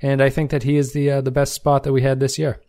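A man's voice: medium pitch, completely flat delivery, fast, warm tone. A man hosting a solo review podcast, talking in a loose conversational way with frequent fillers and restarts. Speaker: podcast host.

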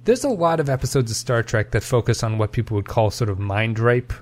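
A man co-hosting a casual podcast about a film, weighing each point thoughtfully. His voice sits at an ordinary middle pitch, and he talks in an even, analytical way, often restarting his sentences. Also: a little fast. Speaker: podcast co-host.

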